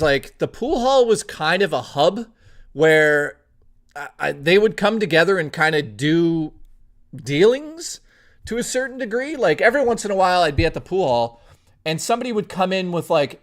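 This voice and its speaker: Man telling a lively, profane story. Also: fairly high pitch, normal speed. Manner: animated, swearing freely, rambling with restarts. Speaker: streamer. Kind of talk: casual storytelling on a live stream.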